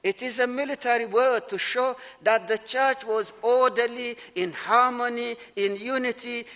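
A middle-aged man preaching a sermon in a church, earnest and emphatic, leaning on key words with slowed, repeated phrases. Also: extremely high pitch, sharp tone. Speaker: pastor. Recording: long reverb of a large hall.

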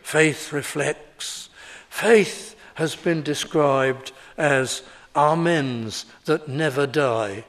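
A man in his seventies preaching a sermon in a slow, deliberate, emphatic way. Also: a little high, fairly bright tone.

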